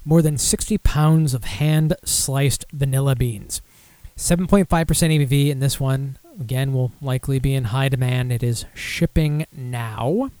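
A man's voice: medium pitch, moderate pace, warm tone, no room sound. A young man hosting a casual podcast, rambling and self-deprecating with lots of fillers while running through beer news. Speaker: podcast host.

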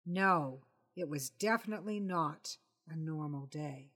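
A woman podcast host reading a comic crime story aloud in a measured, wry way. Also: low voice, fairly bright tone. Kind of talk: storybook narration.

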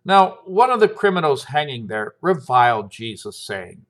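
A man's voice: medium pitch, very animated, moderate pace, few pauses. A priest with an American accent reading a gospel passage and giving a short homily, lifting his voice for the quoted speech.

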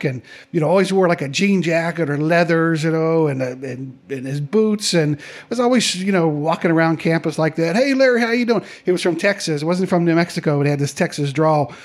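A middle-aged man tells a personal story in a fairly high voice. He keeps it conversational and lively and slips into the voices of the people he quotes.

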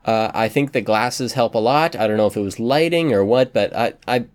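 A man's voice: medium pitch, a little fast, clear, resonant tone. A man co-hosting a podcast in casual, teasing conversation. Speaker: podcast co-host. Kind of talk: casual chat.

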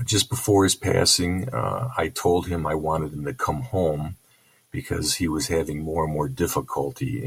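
Older man, deep husky voice, halting grieving testimony full of restarts. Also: poor audio. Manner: halting, with frequent restarts and repeated words; earnest and heavy with grief. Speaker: bereaved father telling his story. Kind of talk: personal testimony.

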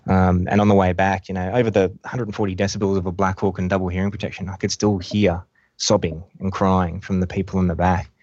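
A man, a helicopter pilot, telling a rescue story in a halting way with many fillers. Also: sits low, little pitch movement, a little mellow, dry recording. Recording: dull lo-fi dry sound.

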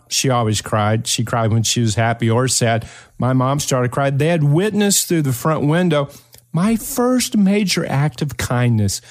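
An older man from eastern Kentucky, hosting his own podcast and telling a personal story in an earnest, motivational way with slow, emphatic phrases. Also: a little high. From eastern Kentucky, Appalachia. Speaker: podcast host.

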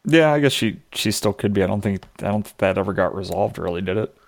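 A man's voice: fairly low pitch, lively intonation, quick pace, vocal fry. A man co-hosting a podcast, recapping a TV episode in a rambling way, full of fillers, acting out quotes. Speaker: podcast co-host. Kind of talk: casual chat recapping a TV episode.

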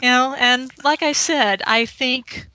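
A woman's voice: high voice, fairly even intonation, takes it slowly, sharp tone, no echo, rough recording. A woman in her forties on a podcast, chatting casually and thoughtfully with frequent fillers. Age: 40s. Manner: thoughtful, hesitant, fillers and "you know". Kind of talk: casual chat.

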